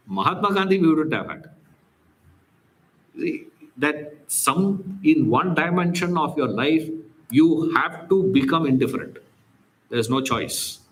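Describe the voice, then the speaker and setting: A man's voice: on the high side, low-quality recording. A man teaching a scripture class, telling stories in a conversational way with many rhetorical questions. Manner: conversational storytelling with frequent "you know" and rhetorical questions. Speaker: Vedanta teacher.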